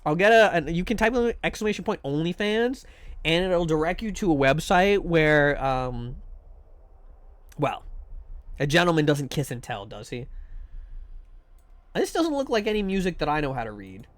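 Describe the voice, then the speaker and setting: A male streamer rambles and jokes through a live game session, swearing freely and reacting to his viewers. His voice sits a little high and bounces around with lively swings in pitch. The sound is close and dry, with little room echo. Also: normal speed, pauses often. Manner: joking, swearing, rambling, reacting loudly to chat. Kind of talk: casual live-stream commentary while gaming.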